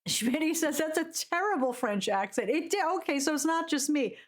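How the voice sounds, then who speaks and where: A woman's voice: high-pitched, expressive, moderate pace. A woman streaming a video game, chatting casually with her viewers and giggling often. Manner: chatty, giggly, greets chat. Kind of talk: live game commentary.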